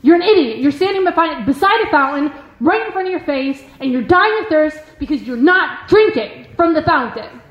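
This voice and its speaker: A woman's voice: high voice, animated, moderate pace, hardly any pauses. A woman, a religious sister, gives an informal spiritual talk. She speaks earnestly and emphatically, with many filler words and repeated phrases. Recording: echoey room, muffled sound.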